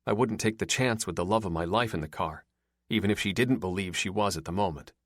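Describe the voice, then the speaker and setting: A man reading a romance audiobook in first person, steady and measured. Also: low voice, no echo, clean studio sound. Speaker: audiobook narrator. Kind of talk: first-person scripted narration.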